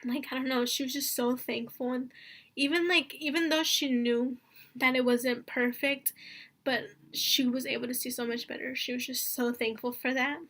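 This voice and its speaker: Earnest young woman vlogger, slightly high. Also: steady tone, normal speed, fairly bright tone. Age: young adult. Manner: rambling, earnest, heavy use of fillers like "like" and "honestly"; emotional, close to tears. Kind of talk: casual storytelling vlog.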